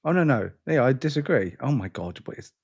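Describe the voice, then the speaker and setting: A man's voice: medium pitch, very animated, fairly quick, a little mellow. A tired English man with an accent between London and educated, chatting casually as podcast co-host, rambling and self-deprecating. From England. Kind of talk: casual chat.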